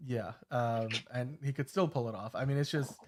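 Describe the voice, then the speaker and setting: A man's voice: mid-range voice, normal speed, a little mellow. A man in his thirties hosting a casual podcast chat, talking in a rambling way with many fillers and restarts. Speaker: show host.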